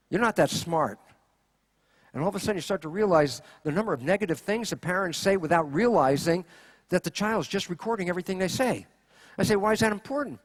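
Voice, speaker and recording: A man giving a keynote lecture, animated, asking rhetorical questions and acting out quoted voices. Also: high voice. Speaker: conference speaker.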